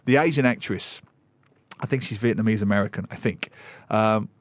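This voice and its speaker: A man's voice: fairly low pitch, moderate pace, no echo. Sarcastic man in his forties on radio. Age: 40s. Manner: animated and sarcastic, with mocking asides. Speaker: radio guest and film commentator. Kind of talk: casual radio chat.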